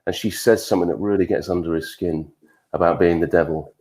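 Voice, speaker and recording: A man's voice: sits low, steady tone, fairly quick, a little mellow. A man answering fan questions as an actor guest on a panel, laid-back and joking, with frequent stammered restarts. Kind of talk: casual panel chat. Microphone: video call.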